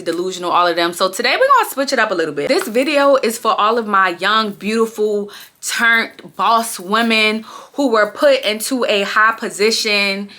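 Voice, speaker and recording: A young adult woman telling a casual storytime on her vlog, chatty and slangy, with lots of animated asides to her viewers. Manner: animated, slangy, chatty, jumps high for acted-out quotes. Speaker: vlogger.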